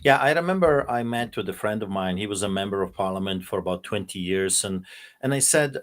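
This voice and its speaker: Forceful accented pastor telling a story. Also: male voice, on the low side, expressive, brisk. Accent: noticeable non-native English accent. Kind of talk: passionate storytelling.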